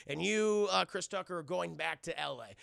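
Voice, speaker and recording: A man's voice: fairly high pitch, normal speed, gravelly, a bit bright, no room sound, clean studio sound. A man doing a blustering, angry security chief. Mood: stern.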